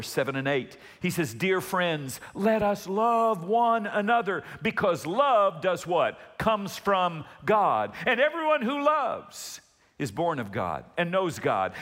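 A male pastor preaches with a high, bright voice that swings widely in pitch. He asks the congregation to repeat words back and drags out key phrases for weight. His voice rings with the long reverb of a large hall. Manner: calls for congregation responses, emphatic with slow stressed words. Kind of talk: sermon.

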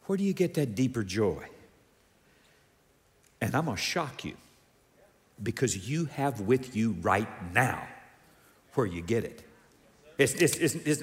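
A man preaching a sermon as a pastor, animated, moving between soft asides and emphatic lines. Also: a little high, in a large hall.

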